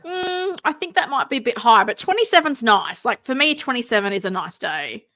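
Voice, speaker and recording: A woman co-hosting a casual live stream, chatty and quick to laugh, reading viewer comments aloud. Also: fairly high pitch, expressive, pushed and bright.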